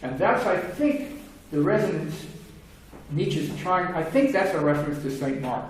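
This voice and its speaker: A man's voice: fairly high pitch, big pitch swings, unhurried. A man giving a conversational academic lecture on philosophy, explaining at length with wry, casual asides. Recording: very echoey room, distant mic, faint noise.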